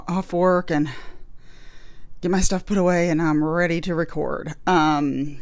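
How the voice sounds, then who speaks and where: A woman's voice: fairly low pitch, steady tone, unhurried. A woman hosting a podcast from home, chatting casually into a microphone with rambling asides. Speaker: podcast host. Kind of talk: casual chat.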